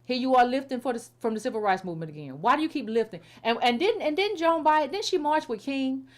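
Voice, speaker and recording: A woman's voice: high-pitched, animated, fast. A middle-aged woman commentator giving blunt, repetitive, exasperated criticism in casual, informal speech. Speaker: political commentator.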